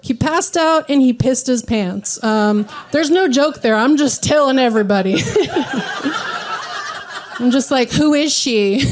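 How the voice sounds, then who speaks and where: A woman in her thirties hosting a stand-up comedy set, self-deprecating and animated as she acts out what others say. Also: high-pitched, unhurried, background noise. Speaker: comedy show host. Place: live comedy venue with audience.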